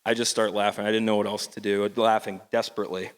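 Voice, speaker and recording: A man's voice: on the low side, level tone, fast talker, smooth. A fisherman poet performing on a theatre stage, telling stories in a wry, conversational way. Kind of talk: stage poetry storytelling.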